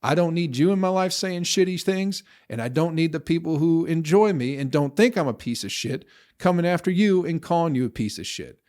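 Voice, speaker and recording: A man's voice: on the high side, lively intonation, a little fast, a little mellow. A man hosting his own podcast, ranting alone in a heated, profane way. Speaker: comedian podcast host. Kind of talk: solo podcast rant.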